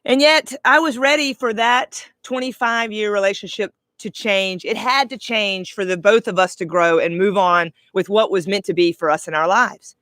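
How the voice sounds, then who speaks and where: Middle-aged woman coach talking from the heart, slow and emphatic at times, dry close mic. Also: medium pitch, a bit bright, no room sound. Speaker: life coach, podcast host. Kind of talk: reflective monologue.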